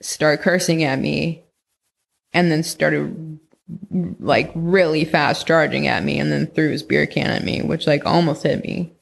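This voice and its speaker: Young woman, creaky voice, rambling casual storyteller full of "like" and swearing. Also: sits low, steady tone, unhurried. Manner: rambling, heavy use of "like", frequent swearing. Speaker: podcast guest recounting experiences.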